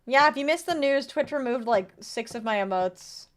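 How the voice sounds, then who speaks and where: With a high voice and moderate pace, a young woman streams a horror game and talks casually to her audience. She says hello, reads the chat, and shifts from quiet muttering to sudden excited outbursts.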